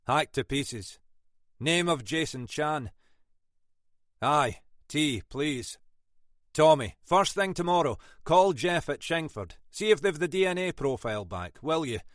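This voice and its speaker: Guy reading a scottish detective inspector, slow and dry, pointed questions, pretty lively pitch. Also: no echo. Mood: brisk. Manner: dry, probing, quietly commanding. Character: shrewd older male Scottish detective inspector.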